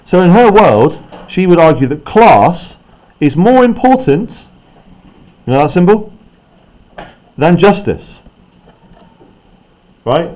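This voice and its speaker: A man's voice: high-pitched, sing-song, takes it slowly, pauses often, a little mellow. A man teaching a class, explaining a play text in a chatty way and often checking in with "right?".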